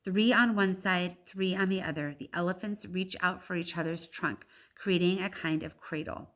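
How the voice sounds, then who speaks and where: A woman reading a children's novel aloud in a lively way, stopping now and then for chatty asides. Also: lowish voice, normal speed. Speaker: audiobook reader.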